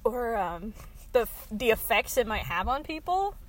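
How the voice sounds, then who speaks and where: High, lively woman in casual podcast chat. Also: unhurried. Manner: rambling, laughing and swearing often. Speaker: podcast co-host.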